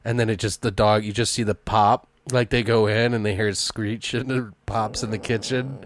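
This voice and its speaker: A man co-hosting a podcast, pitching a story in casual chat with rambling, profane storytelling. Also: flat delivery, normal speed, no room sound. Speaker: podcast co-host.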